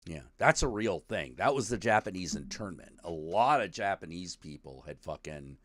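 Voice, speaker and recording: A man's voice: sits low, normal speed, dry recording, studio quality. A man hosting a stream, ranting casually and swearing a lot. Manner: profane, animated, ranting. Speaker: stream host.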